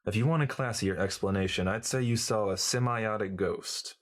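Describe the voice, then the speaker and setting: A man's voice: on the low side, moderate pace, natural voice. Man reading as a glib know-it-all journalist. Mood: lecturing. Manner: breezy, lecturing, know-it-all.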